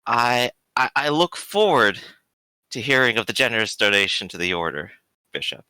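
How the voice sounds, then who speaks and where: A man's voice: mid-range voice, animated, normal speed, bright, forceful tone, clear, resonant tone, no room sound, low-quality recording. A man voicing a nervous male priest in a tabletop game, asking careful, probing questions. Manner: cautious, questioning, a little nervous.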